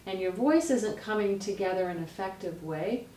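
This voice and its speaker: A woman, a vocal coach, explaining how to speak healthily in a lively, direct teaching manner. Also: medium pitch, normal speed. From United States. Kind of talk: instructional explanation with voice demonstrations. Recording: roomy, distant mic, faint noise.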